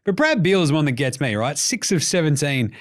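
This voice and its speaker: A man with an Australian accent chatting casually as a sports podcast host. His voice sits a little high and he talks with a jokey, animated edge, swearing freely as he goes. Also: a little fast.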